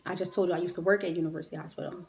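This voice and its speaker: A woman's voice: on the low side, fairly even intonation, rapid-fire, vocal fry, a little mellow, soft background music. A woman retelling a personal story in a raw, emotional, conversational way, grieving and near tears. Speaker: vlogger.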